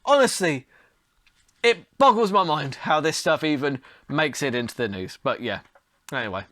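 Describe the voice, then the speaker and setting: A man's voice: a little high, animated, moderate pace, a bit bright, dry recording. A man hosting a solo podcast, talking casually and launching into heated, sweary rants. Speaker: podcast host.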